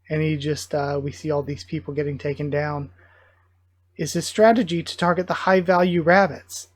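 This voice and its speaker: A man giving live reaction commentary, thinking aloud in an excited, musing way and often correcting himself mid-thought. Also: a little high, moderate pace, no room sound. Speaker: reaction video host.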